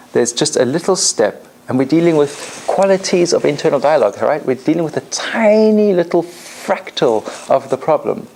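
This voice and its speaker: A woman trainer leading a live coaching demonstration in front of an audience, animated and directive. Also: very deep voice, slight background noise.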